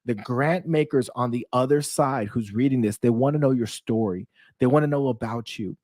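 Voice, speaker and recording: A man coaching small-business owners, telling his story in a lively, casual way and speaking straight to his viewers. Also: medium pitch, normal speed, no room sound, studio quality. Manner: energetic, storytelling, addresses viewers as "you guys". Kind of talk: casual talk to camera.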